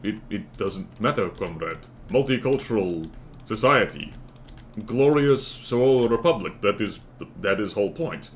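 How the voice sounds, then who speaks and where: A man's voice: fairly low pitch, expressive, a little slow, slight background noise, voice pushed down. A man voicing a proud, patriotic male comrade engineer with a put-on mixed foreign accent and solemn broken-grammar pronouncements.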